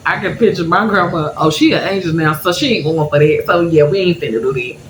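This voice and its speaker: A woman's voice: fairly low pitch, fast talker. A woman vlogger telling her viewers a personal story in a candid, emotional way, laughing through sad memories. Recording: echoey room with background noise.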